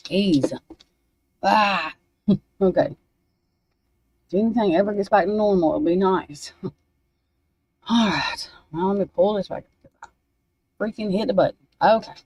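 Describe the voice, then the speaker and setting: Give me a woman of middling pitch doing a card reading, distracted and swearing, on a dry, close mic. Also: measured pace, long pauses, darkish tone, slightly rough, no room sound, low-quality recording. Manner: scattered, swearing, talking to herself. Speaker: spiritual card reader. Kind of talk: casual livestream chat. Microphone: desk microphone.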